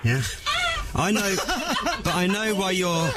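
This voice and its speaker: A man's voice: sits high, lively intonation, measured pace, heavy background noise. Chatty radio host man. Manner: chatty, teasing, laughs often. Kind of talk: casual radio banter. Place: radio studio.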